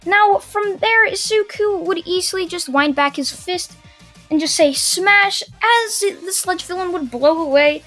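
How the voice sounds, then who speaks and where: A woman's voice: extremely high pitch, a little slow, a bit bright, faint music behind. A teenage girl telling a fan-made anime story, rambling casually with lots of fillers and chatty asides.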